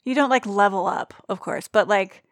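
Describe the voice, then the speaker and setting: A woman's voice: medium pitch, normal speed, no echo, studio quality. A woman hosting a casual podcast chat, eager and chatty. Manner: chatty, eager, frequent laughs.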